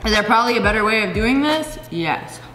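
A woman's voice: mid-range voice, expressive, a little fast. Playful woman vlogger over music. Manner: playful, jokey, exclamatory. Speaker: YouTube host. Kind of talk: casual vlog commentary. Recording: echoey room with music behind.

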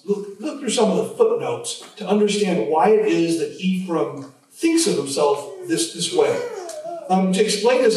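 A man's voice: a little high, darkish tone. A man preaching an expository sermon as pastor, conversational, with frequent restarts and fillers. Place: church sanctuary. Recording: very echoey church hall, mic at a distance, faint noise.

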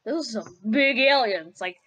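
This high-pitched woman trades rowdy jokes and teasing while playing a game with a friend. She talks in loose, casual banter. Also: animated, moderate pace, crowd noise. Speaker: gamer.

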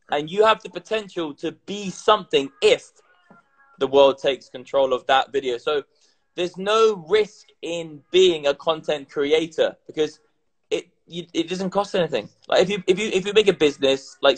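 A slightly high-voiced man talks loosely on a livestream, a little drunk. He swears freely, repeats phrases and runs on in an animated, casual way. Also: rough recording. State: tipsy. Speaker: crypto content creator.

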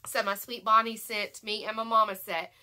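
A young woman with a Southern American accent, congested from allergies, chatting excitedly and rambling through a shopping haul vlog. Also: fairly high pitch, normal speed. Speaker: haul vlogger. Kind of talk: casual chat to camera.

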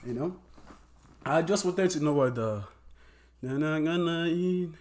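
A man hosting a reaction video, talking excitedly in casual slang and often asking "you know what I'm saying". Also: fairly high pitch, measured pace.

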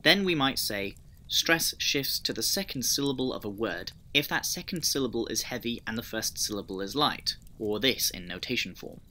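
A man's voice: medium pitch, lively intonation, moderate pace, sharp tone. A man narrating a scripted lesson on building a constructed language, methodical and explanatory, with dry personal asides. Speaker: conlang video creator.

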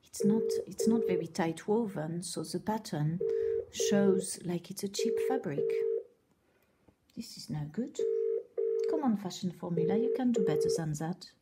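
A woman's voice: fairly low pitch, a little slow, heavy background noise. A woman on a speakerphone call to a company, muttering wry asides and then speaking politely but firmly. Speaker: customer phoning a company. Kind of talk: vlog of a customer service call.

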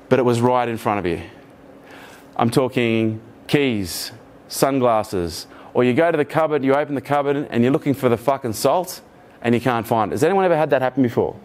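A middle-aged man giving a keynote talk to a live team, energetic and profane, joking and asking the room questions. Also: mid-range voice. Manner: energetic, profane, jokey, asks the audience questions. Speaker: keynote speaker. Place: event room with live audience.

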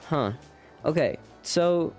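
A man's voice: on the high side, lively intonation, takes it slowly, darkish tone. A young man streaming a game live, rambling and joking at his own expense while chatting with viewers. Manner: rambling, self-deprecating, chats with viewers. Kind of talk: casual live game commentary. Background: faint game music.

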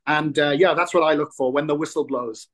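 A man in his sixties chatting as an interview guest. He tells stories in an animated way, often restarting his sentences as he goes. His voice sits a little higher than most men's. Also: a little fast. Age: 60s. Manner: animated storyteller, frequent restarts. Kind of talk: casual interview chat.

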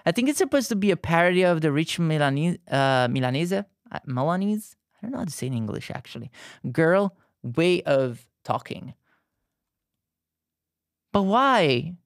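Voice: mid-range voice, sing-song, normal speed, creaky, dry recording. Chatty live streamer, native Italian, heavy Neapolitan accent, dry close sound. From Naples, southern Italy. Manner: chatty, talks straight to the viewers. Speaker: livestreamer. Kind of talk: casual livestream chat.

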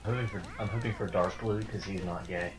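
A man's voice: low-pitched, fairly even intonation, quick pace, background noise. Teasing wisecracking man in echoey room. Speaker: gaming commentator. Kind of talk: casual gaming banter.

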